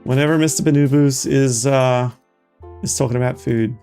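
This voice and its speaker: A streamer giving excitable, chatty live gameplay commentary and talking straight to the viewers. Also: medium pitch, normal speed, faint music behind.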